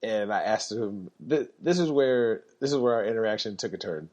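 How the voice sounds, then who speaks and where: A man's voice: fairly low pitch, expressive, normal speed, a little mellow. Laid-back man telling a story. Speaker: podcast guest telling a story. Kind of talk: casual storytelling.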